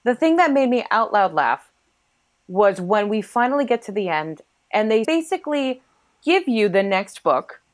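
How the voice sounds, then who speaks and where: Woman, podcast guest, casual chat, playful, jokey, mid pitch. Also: very animated, moderate pace. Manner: playful, jokey, breaks into silly voices.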